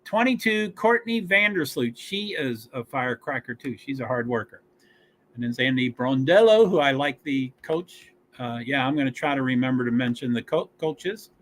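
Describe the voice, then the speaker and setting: A man hosting a casual sports watch-along stream, reading team rosters and stats aloud with many fillers, pauses and chatty asides. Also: medium pitch, lively intonation, a little hiss or hum.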